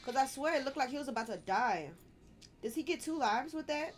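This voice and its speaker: Woman, live game commentary, excitable, fairly high voice, faint noise behind. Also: a little fast. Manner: excitable, reacting out loud with squeals and laughter. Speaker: streamer.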